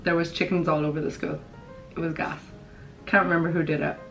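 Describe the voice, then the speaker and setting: A young woman in her twenties with a Kerry Irish accent, chatting bubbly and quick to camera as a vlogger. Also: sits low, flat delivery, fairly bright tone, faint music behind, low-quality recording. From Ireland. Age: 20s. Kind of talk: casual chat to camera.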